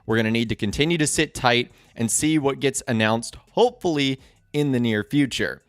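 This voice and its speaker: A man's voice: mid-range voice, moderate pace, no echo, studio quality. A man talking straight to viewers in a scripted gaming news video, upbeat and direct.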